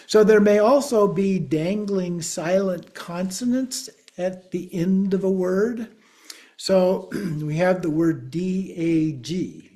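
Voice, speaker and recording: Slow, mellow-voiced man teaching a class. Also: on the high side. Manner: patient, spells words out letter by letter. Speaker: Buddhist teacher. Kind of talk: class lecture.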